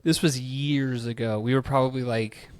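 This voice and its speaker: A man's voice: medium pitch, steady tone, moderate pace, no room sound. A young man co-hosting a podcast, laid-back and teasing in casual chat. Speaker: podcast co-host.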